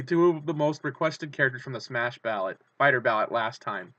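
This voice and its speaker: A man hosts his own channel and talks through excited fan commentary, rambling and restarting with plenty of fillers. His voice is bright and forceful and sits at an ordinary pitch. The audio is dry and close, with a dull, lo-fi sound. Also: a little fast, hardly any pauses, no echo. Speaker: channel host.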